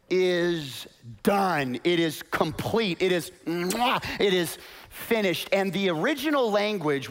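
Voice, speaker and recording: A male pastor preaches in a church with a fairly high voice. He drops to near-whispers, then builds to loud, shouted proclamation. He calls on the congregation to repeat after him. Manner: swings from hushed storytelling to rising, shouted proclamation. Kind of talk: sermon.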